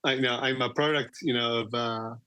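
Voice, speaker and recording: A man's voice: mid-range voice, fairly even intonation, brisk, sharp tone, clean tone, no room sound. A man in his forties with an Argentinian accent, a guest talking about his career with many "you know" fillers. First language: Spanish. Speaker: guest executive. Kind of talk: conversational interview.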